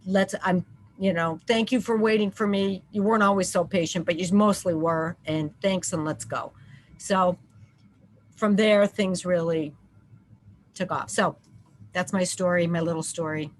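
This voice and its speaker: Halting mother telling her story. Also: fairly low pitch, fairly even intonation, slight background noise, low-quality recording. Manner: halting, many restarts and fillers. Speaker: parent panelist. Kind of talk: personal story on a panel.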